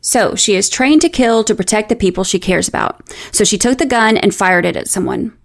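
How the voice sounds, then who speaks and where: A woman narrates a true-crime case in a measured, explanatory way. Her voice sits at an ordinary middle pitch, and her delivery is scripted and even, with a dry, sardonic edge now and then. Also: vocal fry. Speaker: podcast host.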